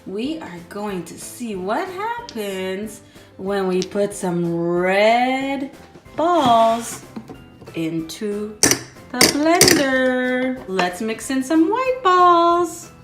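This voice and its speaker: Woman, young adult, children's toy host, sing-song and excited, slow and drawn out, lively pitch. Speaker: kids' toy video host. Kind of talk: children's toy play narration. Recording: echoey room, faint music.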